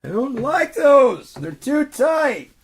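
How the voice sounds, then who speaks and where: Childish wailing husband, high and whiny. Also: male voice, sing-song, takes it slowly, breathy edge, full character voice. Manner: whiny screaming refusals. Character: grown man whining like a little kid.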